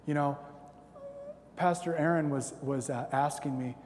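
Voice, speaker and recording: A man's voice: on the high side, steady tone, unhurried, pauses often, darkish tone, a little hiss or hum. A man in his thirties preaches in a slightly raised voice. He is conversational and self-deprecating, and he acts out little stories. His voice rings with the long reverb of a large hall. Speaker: pastor. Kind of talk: sermon.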